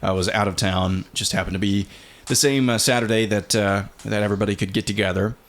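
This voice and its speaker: A man in his thirties co-hosting a podcast in a relaxed, casual chat, with many fillers and restarts. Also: lowish voice, fast talker. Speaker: podcast co-host.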